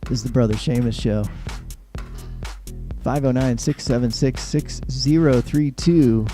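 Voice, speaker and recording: A man's voice: medium pitch, measured pace, music in the background. A man hosting a call-in show, rambling and mocking himself as he reads out the number and fixes the lines. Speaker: host.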